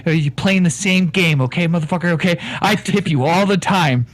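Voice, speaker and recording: A man's voice: high-pitched, fairly quick, pitched below the performer's own voice, lightly acted. A man playing a foul-mouthed Irish con man in a tabletop game, with an Irish accent and a swaggering, wheedling way of talking. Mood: menacing bluster. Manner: swaggering, sweary, fawning in turns. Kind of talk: tabletop role-play in character.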